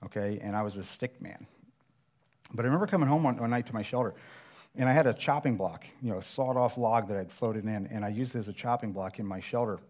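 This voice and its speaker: A man's voice: lowish voice, quick pace, darkish tone. A middle-aged man preaching a sermon, telling a personal survival story in a conversational, self-deprecating way.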